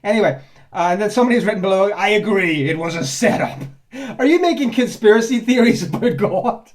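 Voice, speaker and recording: A man's voice: high voice, lively intonation, fairly quick. A man, chatting sarcastically as he reads out and answers viewer comments, rambling and laughing often. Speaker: ex-Jehovah's Witness vlogger. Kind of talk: casual commentary on reader comments.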